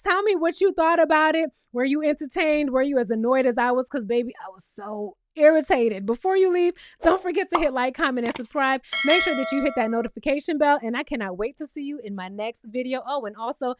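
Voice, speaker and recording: A woman's voice: sits high, lively intonation, brisk, hardly any pauses, dry recording. A woman hosting a casual TV recap, sassy and emphatic, tagging her points with "okay?". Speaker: show recap host.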